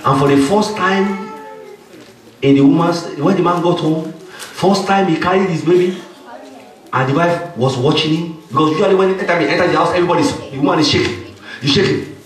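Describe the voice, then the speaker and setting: Pastor, male, high voice, emphatic sermon, recorded far from the mic in a very echoey hall. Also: a little fast. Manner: emphatic preaching punctuated by frequent "Amen".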